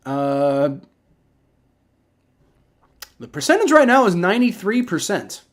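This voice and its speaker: A man from Ohio with a Southern accent, giving excitable, rambling live play-by-play reaction commentary on a football game and swearing when frustrated. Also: high voice, slow. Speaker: livestream sports reaction host.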